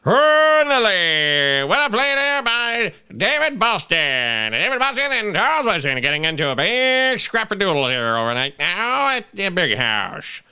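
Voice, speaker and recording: A man doing an impression of a classic college football play-by-play announcer, with a slow, drawling broadcast delivery. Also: high-pitched, very animated, sharp tone, clean tone, pitched above the performer's own voice, full character voice. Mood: excited. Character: old-school college football play-by-play announcer, male, folksy.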